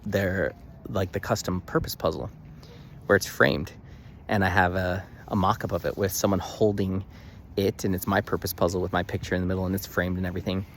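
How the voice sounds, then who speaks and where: A man's voice: low voice, steady tone, fairly quick, a little hiss or hum. A young man vlogging, telling a story casually with emphatic bursts and lots of fillers and restarts.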